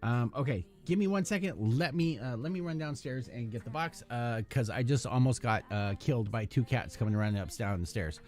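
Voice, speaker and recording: A man hosts a live hobby stream, assembling a model kit while chatting loosely, full of fillers and unfinished thoughts. His mid-range voice is a little mellow, and he talks briskly with hardly any pauses.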